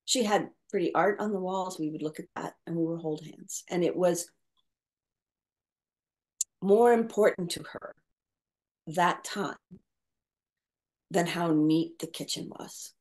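Reflective middle-aged woman, lowish voice. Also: a little slow, long pauses, a little mellow. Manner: reflective, with many restarts and repeated words. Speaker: caregiver coach. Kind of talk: conversational interview talk.

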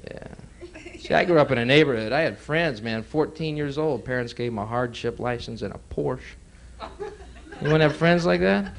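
A man's voice: medium pitch, expressive, normal speed, creaky. A young man from Texas in his twenties doing sardonic stand-up comedy, often laughing at his own jokes. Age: 20s. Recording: noisy 1980s live club tape.

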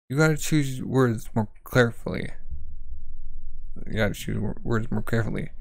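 A man voicing a cocky, excitable teenage boy who talks in pushy, upbeat slang. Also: mid-range voice, vocal fry, dry recording, close to an everyday voice. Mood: scheming.

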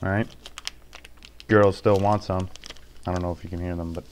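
A man's voice: deep voice, flat delivery, normal speed, a little hiss or hum. A man in his thirties, a father hosting a casual home review vlog, laid-back and joking, swearing casually.

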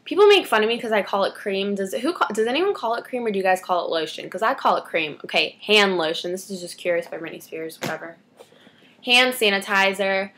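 A woman's voice: medium pitch, expressive, a little fast, fairly bright tone, slight background noise. A teenage girl talks to camera in a casual beauty vlog. She rambles with chatty asides and backtracks. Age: teens. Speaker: beauty vlogger.

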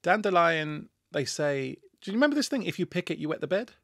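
Bright, lively camp man, teasing. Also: on the high side, fairly quick, no echo, studio quality. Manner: playful, teasing, bantering. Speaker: podcast co-host. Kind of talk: camp comedic chat. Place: podcast studio.

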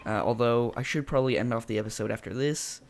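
A man giving chatty, casual and excitable commentary as he plays a video game. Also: medium pitch, fast talker, a little hiss or hum. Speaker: gameplay commentator. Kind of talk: let's play commentary.

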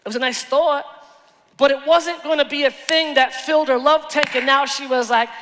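A man preaching a sermon as pastor, telling stories with animated swings from hushed asides to shouted lines. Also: extremely high pitch, normal speed. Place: large church hall. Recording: long hall reverb.

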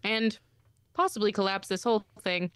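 A woman playing a tabletop game, answering the game master in a calm, matter-of-fact way. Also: medium pitch, normal speed, smooth, no room sound, studio quality. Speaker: player. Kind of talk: tabletop role-play chat.

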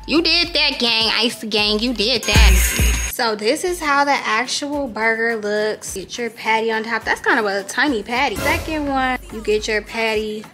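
Casting note: high-voiced woman vlogger, loud, slangy and playful, phone-recorded with music behind. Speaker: food vlogger. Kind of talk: casual taste-test chat. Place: in a car at a drive-thru, then at home.

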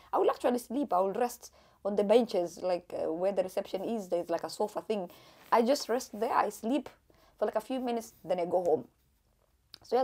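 A young woman from Kenya, chatty and animated, telling her own story to camera in a casual vlog, laughing often. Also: medium pitch. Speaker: vlogger.

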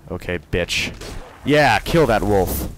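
A man with a fairly low voice talks through his gameplay as he plays. He bursts into loud taunts at enemies and slips back into quiet, muttered play-by-play. Faint background noise runs under the recording. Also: slow pace. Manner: excitable, yelling taunts, then muttering. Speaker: gamer. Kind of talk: let's play commentary.

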